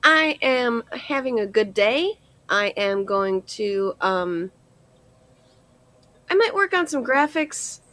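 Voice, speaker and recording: A woman's voice: a little high, lively intonation, slow, bright, forceful tone, dry recording. A woman co-hosting a casual livestream chat, giving short agreeing replies. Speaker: livestream co-host.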